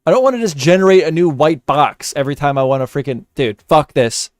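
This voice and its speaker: A man's voice: a little high, lively intonation, brisk. A man talks through a live commentary stream as he edits, muttering to himself and repeating words under his breath. He swears often out of frustration. The sound is dry and close, with no room echo. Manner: frustrated muttering and cursing while editing.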